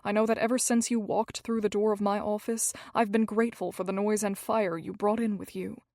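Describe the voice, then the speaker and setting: A woman voicing a gentle, shy young male doctor in an audiobook, soft-spoken, hesitant and tender. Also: mid-range voice, normal speed, no echo, clean studio sound, natural voice.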